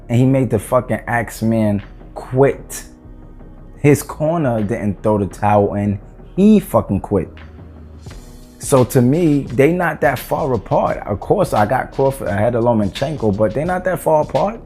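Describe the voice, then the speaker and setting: Fired-up male vlogger, exasperated and cursing, warm low-toned timbre. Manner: heated, profane, exasperated ranting. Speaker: boxing commentator. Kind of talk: ranting opinion vlog.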